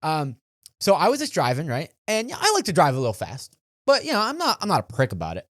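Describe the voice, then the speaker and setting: A man's voice: on the high side, huge pitch swings, fast, fairly bright tone, dry recording, clean studio sound. A man co-hosting a podcast, telling a road story in casual chat, acting out quotes with frequent restarts. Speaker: podcast co-host.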